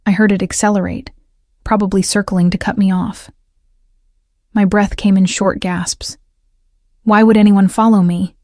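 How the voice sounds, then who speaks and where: A woman narrating a first-person romance story in a measured, scripted way. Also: mid-range voice, mellow, no room sound, clean studio sound.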